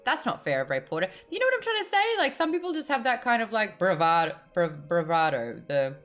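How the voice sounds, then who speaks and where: A woman's voice: sits high, wildly swooping pitch, fast talker, fairly bright tone. An Australian woman hosting a casual book chat on a video call, bubbly and chatty. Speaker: host.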